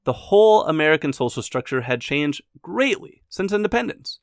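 A man's voice: a little high, sing-song, moderate pace, vocal fry, no echo, clean studio sound. A man narrating history in a scripted but conversational way, adding his own opinions and wry asides. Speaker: history podcast host.

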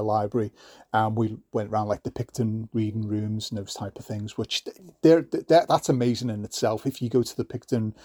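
A man's voice: on the low side, dark tone, no echo, clean studio sound. A middle-aged man, hosting a podcast in a rambling, casual way, with lots of fillers and restarts. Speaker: podcast host.

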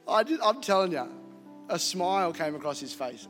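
A man with an Australian accent preaching a live sermon as pastor, animated and jokey, laughing at himself. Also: sits high, moderate pace. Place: church hall. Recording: live hall reverb with faint music.

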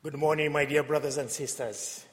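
A man's voice: a little high, steady tone, normal speed, a little hiss or hum. A man with a Tanzanian accent, a visiting missionary priest giving a homily with an anecdotal, hesitant delivery. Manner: warm storytelling with frequent hesitations and laughs. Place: church. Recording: long church reverb.

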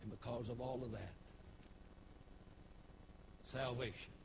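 A man preaching a sermon, folksy storytelling that builds into shouted preaching. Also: mid-range voice, fairly even intonation, slow pace, creaky, background noise. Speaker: pastor. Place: church.

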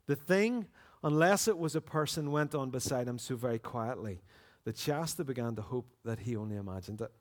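Northern irish preacher guy, reads the story out expressive and earnest, middle pitch. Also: a little fast, few pauses. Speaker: pastor. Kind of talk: sermon with story reading. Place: church.

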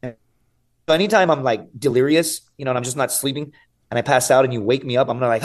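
Animated man telling a story casually. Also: medium pitch, fast talker. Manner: animated, swears freely, says "dude" and "right?" often. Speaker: podcast guest, survival show contestant.

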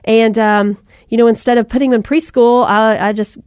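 A woman's voice: a little high, fairly even intonation, normal speed, darkish tone, smooth, no room sound, clean studio sound. A woman in her thirties giving a folksy Christian talk to mothers, in a conversational style with asides and fillers. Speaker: Christian speaker. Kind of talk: faith-based talk to mothers.

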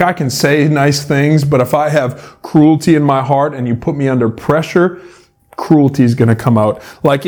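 A man's voice: a little high, darkish tone. A man preaching a casual, conversational sermon with a playful touch, using a soda can as a prop. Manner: conversational, playful, uses props. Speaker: pastor.

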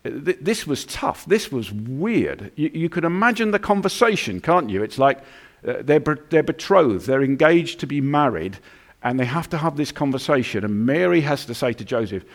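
Animated, conversational male preacher. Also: mid-range voice, normal speed. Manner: conversational, many restarts, lively acted asides. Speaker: pastor. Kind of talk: sermon.

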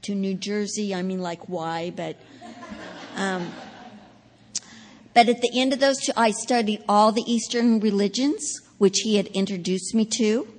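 A woman gives a sermon testimony in a big hall, and her voice trails off into a long reverb. She tells her story dramatically and swells loud at the key moments. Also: medium pitch, measured pace. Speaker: preacher.

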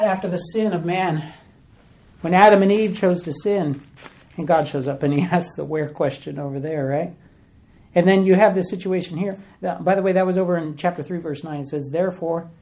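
A man's voice: a little high, a little mellow. Guy preaching a bible study, teachery, keeps repeating words and asking right?. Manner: teacherly, asks questions and repeats key words for emphasis. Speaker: pastor.

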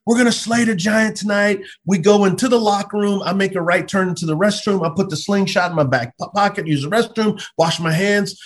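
A middle-aged man, a pastor, telling personal stories in an earnest, animated way with frequent stammered restarts. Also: high voice, brisk, hardly any pauses. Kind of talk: conversational storytelling.

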